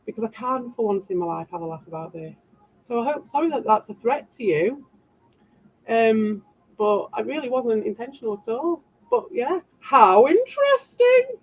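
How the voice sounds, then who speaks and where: A woman's voice: a little high, animated, normal speed, darkish tone, slightly rough. A British woman talks to her livestream chat in a loose, rambling way. She sounds defensive and often slips into sarcastic asides. The recording is dull and lo-fi. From Britain.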